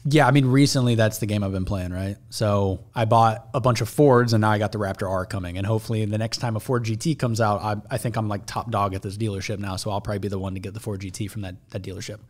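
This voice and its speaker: A man as a podcast guest chatting casually, offhand, often trailing off quietly. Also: fairly low pitch, steady tone, quick pace, hardly any pauses.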